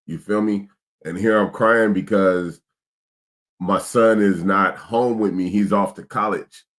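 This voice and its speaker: A middle-aged father hosting a vlog chats casually and emotionally, laid-back and heavy on slang. His lowish voice is steady, unhurried, and fairly bright in tone.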